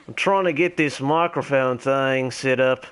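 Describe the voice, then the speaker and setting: A man putting on a deliberately bad Australian accent to play a loud, friendly character calling out to other players. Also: mid-range voice, clean tone, close to an everyday voice. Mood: hailing. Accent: put-on Australian. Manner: boisterous, calls out to strangers.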